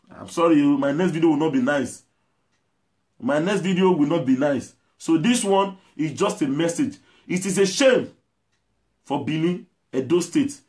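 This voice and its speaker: A Nigerian man, a musician, delivering an impassioned video message, forceful and pleading, slipping into pidgin. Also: a little high.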